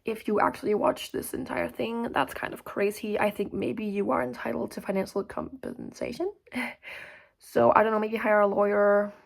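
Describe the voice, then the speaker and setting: A young woman vlogging in a rambling, casual way, full of fillers and swearing, swinging between loud outbursts and mumbled asides. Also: mid-range voice, animated, normal speed, gravelly. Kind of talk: casual chat to camera.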